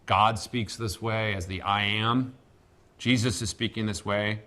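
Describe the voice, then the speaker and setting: A man teaching a classroom Greek lesson, speaking deliberately with many pauses and fillers. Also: lowish voice, steady tone, bright, forceful tone. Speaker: seminary professor.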